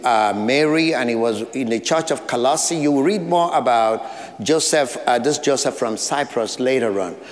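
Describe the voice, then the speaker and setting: A man's voice: mid-range voice, big-room sound. A man with an African accent, preaching a sermon as pastor, earnest, with short repeated phrases and light asides. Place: church sanctuary.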